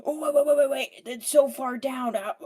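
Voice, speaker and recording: A woman's voice: mid-range voice, steady tone, lightly acted. A woman doing a flustered, fretting male villain. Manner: flustered, hurried.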